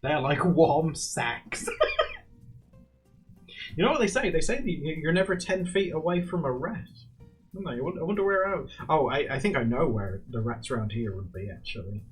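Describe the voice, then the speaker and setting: A young man streaming live, chatting casually and rambling while he draws, often laughing and jumping into high squeaky bursts. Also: lively intonation, moderate pace, soft background music. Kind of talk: casual chat while drawing on a livestream.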